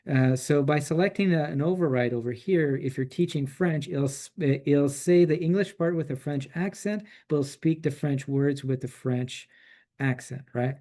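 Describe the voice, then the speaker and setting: A man presenting a software tool in a relaxed, chatty way, with frequent fillers and restarts. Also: on the high side, normal speed. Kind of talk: casual software demo.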